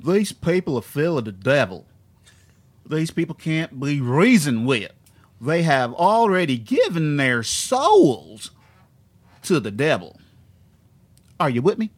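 A man putting on a Southern accent to play a fiery male preacher, slow and booming. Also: very animated. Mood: preaching. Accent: American Southern.

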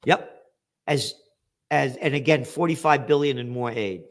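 A man's voice: medium pitch, unhurried. Profane, ranting older man. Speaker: show host. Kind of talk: angry political commentary.

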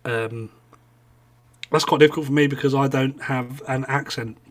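A man's voice: medium pitch, fairly even intonation, normal speed. A man with an East Anglian accent co-hosting a casual podcast, rambling and swearing, with many ums and restarts. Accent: East Anglian English. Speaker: podcast co-host.

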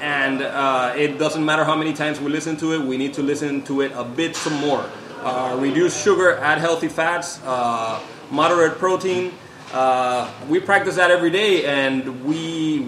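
Upbeat male podcast host, echoey room. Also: fairly high pitch. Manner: upbeat, with frequent "uh" fillers. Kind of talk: casual podcast hosting. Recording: echoey room with faint noise.

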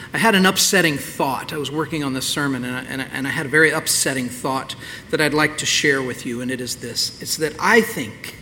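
A male pastor delivers a sermon in a candid, conversational way, with a bright, forward tone. He sits a little high in pitch for a man. A long church reverb hangs behind him, with faint room noise. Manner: candid, conversational preaching with restarts. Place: church sanctuary.

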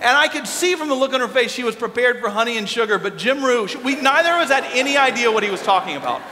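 A middle-aged man delivers a storytelling sermon in a high, bright voice. He is animated and lively at the pulpit. The sound rings with the long reverb of a large church hall. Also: quick pace. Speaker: pastor.

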